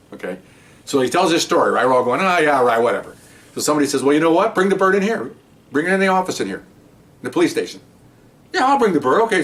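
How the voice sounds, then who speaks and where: An older man, a retired police officer, rambles through a profane story, acting out the voices of the people in it. His voice sits on the low side and sounds far from the mic.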